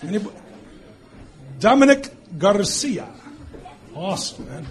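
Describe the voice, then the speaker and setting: A man in his fifties or sixties, a mayor teasing children at a public meeting with quick jokes and frequent laughs. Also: high-pitched, very animated. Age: born 1964, 50s or 60s. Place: meeting hall with an audience. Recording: crowd noise behind. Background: crowd.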